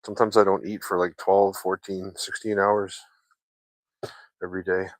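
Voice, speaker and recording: A man with a fairly low voice talks loosely to his viewers, drifting from one story to the next and swearing often. The sound is dry and close, with no room around it. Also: little pitch movement, normal speed, no echo. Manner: loose, chatty, swears freely, laughs often. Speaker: vlogger chatting with viewers. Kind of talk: casual rambling chat.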